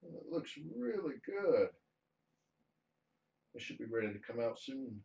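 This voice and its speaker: A man streaming live as a cat fosterer, talking softly to the cat and explaining the next steps to viewers, restarting his phrases as he goes. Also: medium pitch, very animated, a little slow, creaky. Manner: soft-spoken, coos fondly to a cat. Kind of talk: casual livestream chat. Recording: roomy sound, mic some distance away.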